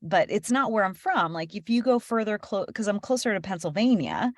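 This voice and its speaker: A woman's voice: mid-range voice, animated, a little fast, dry recording, studio quality. A woman with a mild rural New Jersey accent, a voiceover coach telling a story in casual chat and laughing easily.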